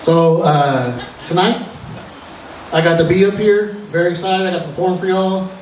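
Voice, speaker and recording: A man's voice: high-pitched, normal speed, recorded from a distance, slight background noise. A nervous young man telling self-deprecating stories in a stand-up set at a live comedy show. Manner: self-deprecating, chatty storytelling with many restarts. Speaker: opening comedian. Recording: echoey live room recorded from afar.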